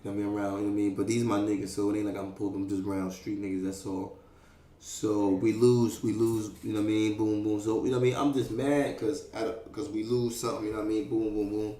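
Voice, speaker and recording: A man's voice: fairly low pitch, racing. Streetwise man telling a story in an echoey room. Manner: streetwise, profane, animated, fillers like "you know what I mean". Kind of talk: casual storytelling.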